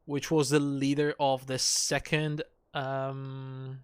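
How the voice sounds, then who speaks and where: A man casually chatting as he plays a game on a live stream, relaxed and full of little hedges and fillers. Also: medium pitch, slow pace, clear, resonant tone, no echo, clean studio sound. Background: game music.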